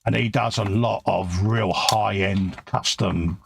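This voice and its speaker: A man's voice: fairly low pitch, fairly even intonation, slow, creaky, noisy background. A British man co-hosting a laid-back, teasing chat while he builds a model. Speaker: co-host.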